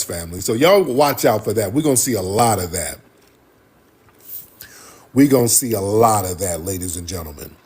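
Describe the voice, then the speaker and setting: Husky, animated man ranting on a stream. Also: mid-range voice. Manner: emphatic, preachy, repeats lines for effect. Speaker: live stream host. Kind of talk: heated livestream commentary.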